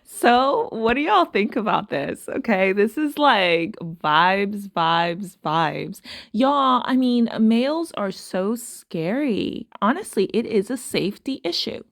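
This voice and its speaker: A woman's voice: medium pitch, animated, slow pace, gravelly, no room sound, clean studio sound. A woman hosting casual commentary to her viewers, talking emphatically and repeating phrases for stress. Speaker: commentary host.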